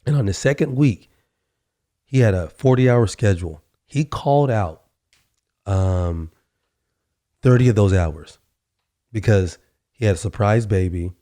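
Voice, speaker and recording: A man's voice: fairly low pitch, a little slow, pauses often, warm tone, no room sound. A man hosting a podcast, telling a workplace story in a casual, conversational monologue, acting out both sides of the dialogue and often saying "you know". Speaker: podcast host.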